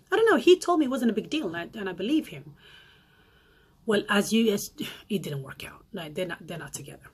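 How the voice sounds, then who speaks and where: A middle-aged woman vlogging casually to camera, telling animated stories and acting out her friends' lines. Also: slightly rough. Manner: animated storytelling, acts out friends' lines in a higher voice.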